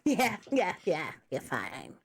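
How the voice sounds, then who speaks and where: A woman's voice: lowish voice, wildly swooping pitch, slow, breathy edge. A woman running a tabletop game as game master, chatty and self-deprecating.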